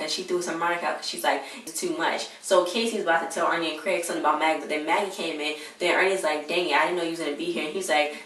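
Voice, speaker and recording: Chatty low-voiced woman in echoey room. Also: a bit bright. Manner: chatty, retells scenes with quoted lines. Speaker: TV episode reviewer. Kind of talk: casual episode recap. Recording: echoey room, far from mic.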